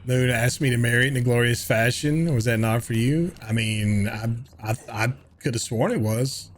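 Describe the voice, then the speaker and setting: A man's voice: medium pitch, moderate pace, slight background noise. Laid-back man chatting on a game stream. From New York. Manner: relaxed, chatty, reads chat aloud, swears offhandedly. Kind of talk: casual live-stream chat while gaming.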